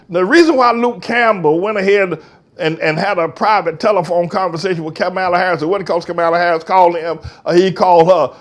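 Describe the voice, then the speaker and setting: A man hosting a talk show, delivering a fiery, mocking monologue in slangy speech that breaks into shouting. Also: sits high. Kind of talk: heated monologue.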